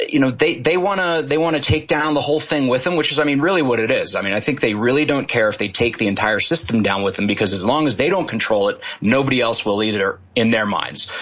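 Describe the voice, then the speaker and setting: Husky male pundit, heated and emphatic, muffled lo-fi line. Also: medium pitch, a bit bright. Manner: heated, emphatic, many restarts. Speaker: guest commentator. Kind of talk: political commentary.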